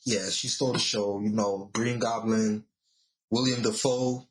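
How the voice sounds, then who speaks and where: A man's voice: fairly low pitch, steady tone, measured pace. A man co-hosting a podcast in a laid-back casual chat, agreeing a lot and using slang. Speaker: podcast co-host. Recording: roomy echo.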